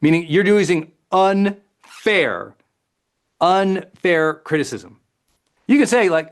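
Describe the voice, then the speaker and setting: Energetic man coaching with acted-out self-talk. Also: slow pace, long pauses. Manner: energetic, acts out inner voices with sudden jumps in pitch; conversational, often asks "right?" and "does that make sense?". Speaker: personal development coach. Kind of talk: motivational talk.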